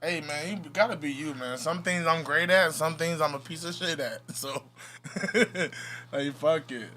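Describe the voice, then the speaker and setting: A man's voice: on the high side, unhurried, bright, forceful tone, slight background noise. A man in casual podcast chat, laid-back and emphatic, swearing and repeating himself for effect. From California. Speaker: rapper guest.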